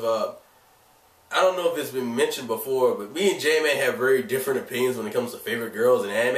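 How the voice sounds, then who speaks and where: An anime vlogger who has a cold and keeps coughing gives a casual review, rambling with frequent fillers and false starts. His voice is medium-pitched and a bit bright, and he's recorded away from the mic in an echoey room.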